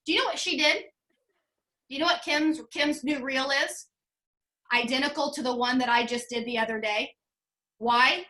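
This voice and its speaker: Woman, high voice, bright tone, emotional, earnest, team leader, video call. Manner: emotional, earnest, talks in quick bursts.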